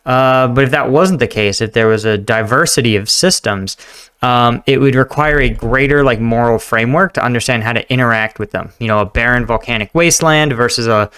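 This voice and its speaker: A man hosting a reaction video, chatting casually and musing out loud, laughing often. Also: medium pitch, a little fast, clean tone. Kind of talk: casual commentary.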